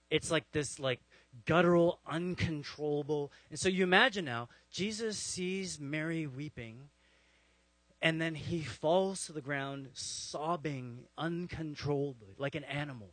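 Brief: man, pastor, preaching storyteller, slightly higher voice, close dry sound. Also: fairly bright tone, no echo, low-quality recording. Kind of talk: sermon.

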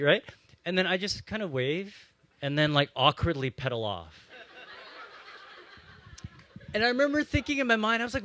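A young adult man preaching as a pastor, telling a personal story in a relaxed conversational way with many "um"s and "like"s. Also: high-pitched, normal speed, pauses often. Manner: conversational, animated storytelling with frequent "um" and "like".

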